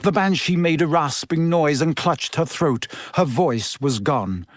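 A man's voice: a little high, unhurried, dry recording, studio quality. A man reading a story aloud as scripted narration, delivering it expressively and slipping into voices for the characters.

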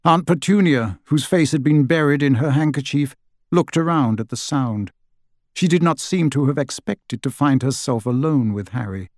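A man narrating an audiobook in an expressive storytelling manner, close to the mic. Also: mid-range voice, normal speed, no echo. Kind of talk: scripted narration.

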